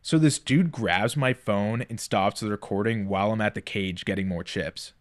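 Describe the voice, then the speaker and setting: Man narrating his poker vlog, lowish voice, blunt and irritated. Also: normal speed, noisy background. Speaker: poker vlogger. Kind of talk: scripted vlog voice-over.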